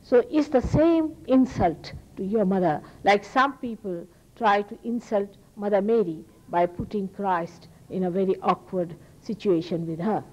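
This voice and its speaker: In a poor-quality archival recording of a talk, a woman with an Indian accent gives a spiritual lecture. Her medium-pitched voice has a darkish tone, and as a teacher she speaks earnestly and emphatically, repeating phrases to drive points home.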